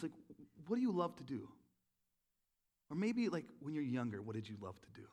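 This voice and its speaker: A man preaching a sermon in a relaxed, storytelling way, with many "like"s and restarts, poking fun at himself. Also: fairly high pitch. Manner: conversational, self-deprecating storytelling with many fillers. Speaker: pastor.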